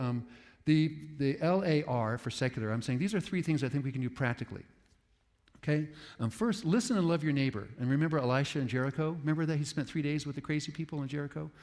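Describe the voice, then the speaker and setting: A man preaching to a room of pastors, telling stories in an animated, self-aware way. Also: medium pitch, big-room sound. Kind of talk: sermon to pastors.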